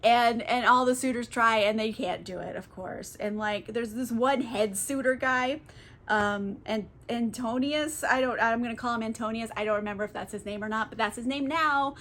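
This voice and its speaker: A woman's voice: on the high side, moderate pace, a bit bright. A young woman, a little tipsy, retelling a classic book in a casual, profane, rambling way. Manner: profane, rambling, lots of fillers. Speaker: book vlogger.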